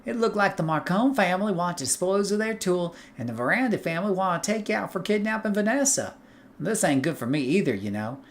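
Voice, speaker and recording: A man's voice: high voice, animated, fairly quick, pitched above the performer's own voice. A man voicing a shady male underworld informant with a put-on Southern accent, chummy and wheeling-dealing, while reading a game's dialogue aloud. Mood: wheedling.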